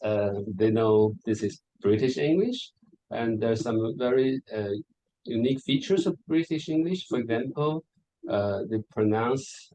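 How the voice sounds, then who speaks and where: A man with a mid-range voice lectures to an audience at a conference. He speaks hesitantly, stopping to repeat words and filling the pauses with fillers. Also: medium pitch, a little mellow, poor audio. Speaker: lecturer presenting on English varieties. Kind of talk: conference presentation.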